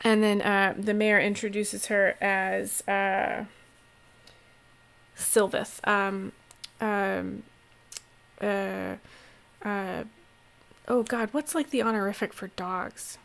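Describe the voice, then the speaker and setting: A woman's voice: mid-range voice, level tone, slow, creaky, pauses often, fairly bright tone, clear, resonant tone. A woman running a tabletop game as game master, narrating in a rambling way with many fillers.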